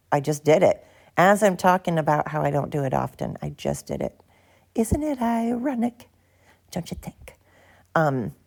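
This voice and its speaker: Her voice is low and creaky. Barely awake and worn out, she hosts a loose solo podcast into her phone, with background noise audible, rambling and cheerfully swearing in self-mockery.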